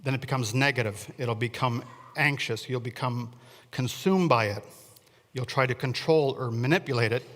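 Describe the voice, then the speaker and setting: A man's voice: mid-range voice, normal speed, a bit bright. A man delivers a sermon in an easy, conversational way, checking in with the congregation and joking at his own expense. His voice sits in an ordinary middle register. A long church-hall reverb trails after his words. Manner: chatty, asks the congregation questions, self-deprecating asides. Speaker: preacher. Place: church sanctuary.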